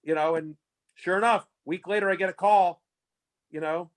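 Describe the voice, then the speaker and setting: A man's voice: high-pitched, normal speed, pauses often. A man guest in a casual interview, telling stories with many fillers and restarts. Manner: rambling, lots of fillers and restarts, animated retelling. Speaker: fantasy sports analyst guest.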